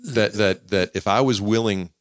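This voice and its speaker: A middle-aged man hosting a podcast and interviewing his father, teasing and joking as he fires quick follow-up questions. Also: on the low side, dry recording, studio quality. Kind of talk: casual interview.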